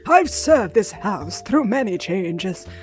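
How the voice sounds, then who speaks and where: A woman's voice: medium pitch, sing-song, slow pace, faint music behind, pitched above the performer's own voice. A woman voicing a prim, easily offended old male butler who speaks in a stiff, formal way. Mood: indignant.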